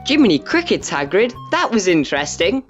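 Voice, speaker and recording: A man's voice: sits high, big pitch swings, a little fast. A man voicing a meek, polite schoolboy. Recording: dull lo-fi audio with faint music.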